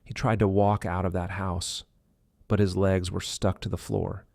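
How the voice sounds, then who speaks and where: Give me a man with a very low voice narrating a thriller audiobook in a measured, dark tone. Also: level tone, gravelly, no echo, studio quality. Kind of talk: scripted narration.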